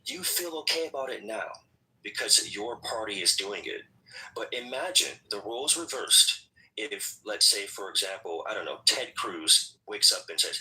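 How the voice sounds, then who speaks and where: A man's voice: on the low side, animated, normal speed, sharp tone, recorded from a distance, rough recording. A man hosting a heated political debate, who keeps talking over others, repeats his words and insists on finishing his point. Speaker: host of a political discussion room.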